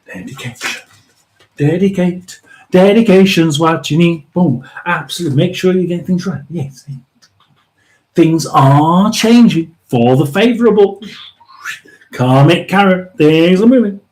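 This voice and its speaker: A man's voice: high voice, a little slow, darkish tone, rough recording. A man from England hosting a live tarot and spirit reading, musing aloud, talking to spirits and viewers, and laughing often. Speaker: psychic medium livestream host.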